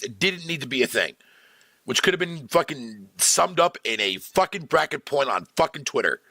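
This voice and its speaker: A man's voice: fairly high pitch, vocal fry, sharp tone, no echo. A man streaming live, ranting profanely to his chat in a casual, exasperated way. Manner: talks to chat viewers by name.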